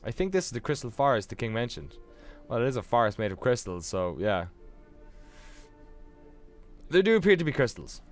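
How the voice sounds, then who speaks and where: A man's voice: medium pitch, very animated, normal speed, long pauses, faint music behind. Joking man narrating a dating game. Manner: jokey, laughs often. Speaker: let's player. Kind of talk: casual gameplay commentary.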